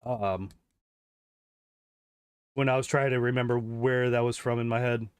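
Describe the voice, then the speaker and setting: A man's voice: mid-range voice, fairly even intonation, unhurried, clean tone, no room sound, clean studio sound. A man chatting casually and rambling while playing a game, swearing freely and laughing often. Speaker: gaming streamer.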